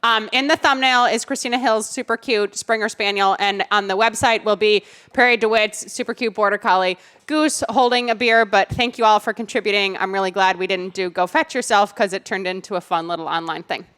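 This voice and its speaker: A woman's voice: medium pitch, steady tone, a little fast, few pauses, fairly bright tone, smooth. A woman co-hosting a casual podcast, bubbly and chatty. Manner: bubbly, chatty, laughs often. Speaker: podcast co-host. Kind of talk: casual chat.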